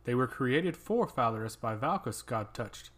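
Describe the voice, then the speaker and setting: Stone-faced abbess voiced by a man, dead flat monotone, zero emotion, audiobook. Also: medium pitch, moderate pace, pitched below the performer's own voice. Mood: cold. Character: tall stoic woman abbot, cold and emotionless. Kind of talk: audiobook character reading.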